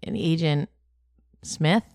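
A woman's voice: low-pitched, slow pace, darkish tone, no echo, studio quality. A woman co-hosting a casual chat, teasing and sarcastic-sounding. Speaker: podcast co-host.

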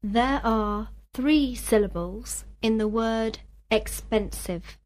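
A woman's voice: on the high side, takes it slowly, a little mellow. A woman student answering a teacher's drill questions in careful full sentences.

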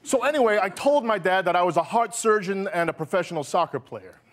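A man, a cameraman on a talk show, doing a comedy bit in a deadpan yet eager way while giving bossy instructions. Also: high voice, fast. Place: TV studio stage. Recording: live studio audience behind.

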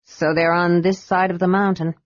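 Storybook role: woman reading as a steady grim leader, hushed. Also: fairly low pitch, normal speed, no echo, close to an everyday voice. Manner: grim, cautious. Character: grim steady male half-elf leader. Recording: dull dry recording.

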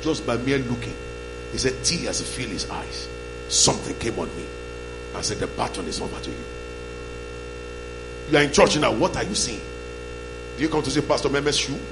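A man preaching a sermon as pastor, calling the congregation to shout back, in a church hall with music and hum behind. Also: medium pitch, normal speed, long pauses. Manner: call-and-response, shouting bursts.

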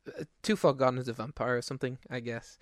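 Speaking fast in a steady tone, this podcast co-host has a mid-range man's voice. His casual film talk wanders, riddled with fillers and false starts, and the studio-quality audio has no echo.

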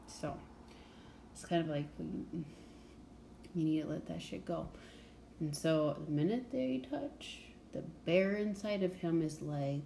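Young woman, mellow lowish voice, blunt casual book chat, filler-heavy, faint noise floor. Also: measured pace, creaky. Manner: chatty, blunt, many fillers and "like"s. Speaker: book podcast host.

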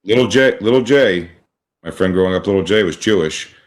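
A man in casual podcast chat who rambles with halting restarts. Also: deep voice.

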